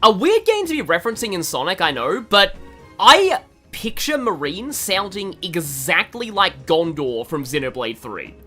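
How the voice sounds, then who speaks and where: Here an Australian man hosts a gaming video, rambling chattily with frequent laughs and many fillers as faint game music plays. His voice sits high and is pushed, bright and husky, with big pitch swings at a normal speed.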